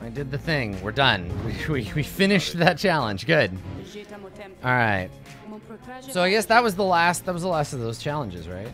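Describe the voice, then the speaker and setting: A man with a mid-range voice chats casually while he plays a video game. He mutters and comments to himself. Game music plays clearly in the background. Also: mid-range voice, sing-song, normal speed, a bit bright. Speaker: host playing a video game. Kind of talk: let's play commentary.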